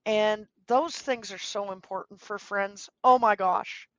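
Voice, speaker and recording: A woman guest in a podcast interview, speaking earnestly and gently giving advice, now and then acting out what people might say. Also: mid-range voice, fairly even intonation, measured pace, no echo, highs cut off. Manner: earnest, gently advising, acts out quoted speech. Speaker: guest, dog trainer.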